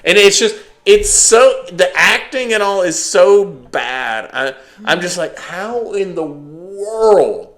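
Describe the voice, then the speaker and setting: A man's voice: high voice, takes it slowly. A man co-hosting a casual podcast, mocking a TV show and acting out its people. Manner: animated, mocking, acts out quotes. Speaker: podcast co-host. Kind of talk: casual chat.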